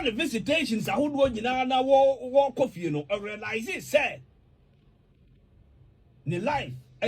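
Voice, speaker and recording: A man's voice: extremely high pitch, husky. A man with a Ghanaian accent giving heated political commentary, emphatic and repetitive, mixing English with a local language.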